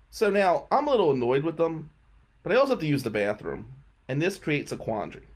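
A male radio host telling a comic story in a casual way, often clearing his throat and chuckling as he goes. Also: a little high, sing-song, a little fast, a little mellow.

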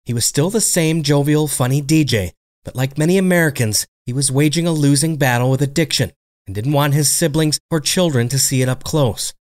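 A man narrating a true-crime story in a measured, dramatic scripted delivery. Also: a little high, darkish tone. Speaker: narrator and host.

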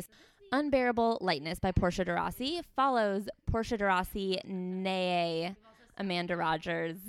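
Smooth-voiced woman podcast co-host. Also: fairly low pitch, no echo. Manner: reactive, reads book summary. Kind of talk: casual chat.

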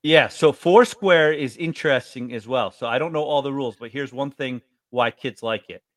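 A man's voice: moderate pace, no echo, clean studio sound. A man in his forties from New York State, telling stories in casual chat. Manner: animated storyteller, jumps up in pitch.

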